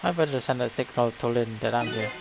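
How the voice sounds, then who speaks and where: A man's voice: mid-range voice, fast, vocal fry, natural voice, low-quality recording. An Indonesian-accented man reading the lines of a dry, curious male ghost in a game, in a wry, musing way. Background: game music.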